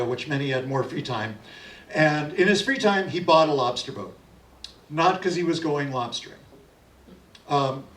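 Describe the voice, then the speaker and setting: A man's voice: a little high, fairly bright tone. A middle-aged man telling stories and leading an audience sing-along at a library event, chatty and folksy. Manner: chatty and folksy, leads call-and-response singing. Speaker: folk singer and storyteller. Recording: roomy sound from a distant mic.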